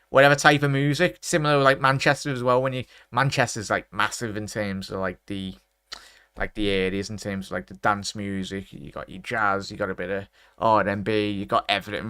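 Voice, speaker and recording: A man's voice: on the low side, steady tone, brisk, bright, forceful tone, smooth, no room sound, studio quality. A young man in his twenties from England, hosting a live football watchalong stream, chatting with viewers, reading out their messages and commenting on the match. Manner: chatty, reads out viewer messages, calls everyone mate.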